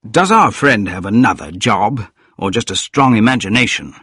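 Brash editor read by a man; deep, raspy, forceful and insistent. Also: expressive, normal speed, dry recording, clean studio sound, exaggerated voice. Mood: pressing. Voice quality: loud and insistent.

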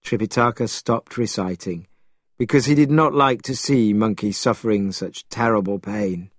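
A man reading a storybook aloud, expressive and measured. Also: lowish voice, dry recording, studio quality. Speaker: narrator.

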